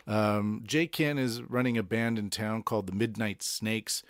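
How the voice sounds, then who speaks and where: A man's voice: fairly low pitch, fairly even intonation, measured pace, hardly any pauses, dry recording, clean studio sound. Rambling Boston man hosting a podcast. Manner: rambling, chatty, with many uh fillers and self-corrections. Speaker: podcast host. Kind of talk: casual solo podcast chat introducing songs. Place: Tokyo.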